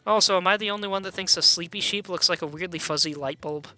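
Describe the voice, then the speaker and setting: A man's voice: sits high, fast, bright, forceful tone. Chatty man commentating a game. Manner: chatty, meandering asides. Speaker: streamer.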